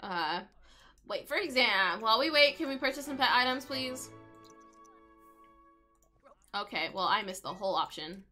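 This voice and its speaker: A woman's voice: fairly high pitch, expressive, moderate pace, pauses often, bright, forceful tone, soft background music. A young woman giving casual, chatty commentary while playing a life-simulation game, often talking to the pets on screen. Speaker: gaming video creator.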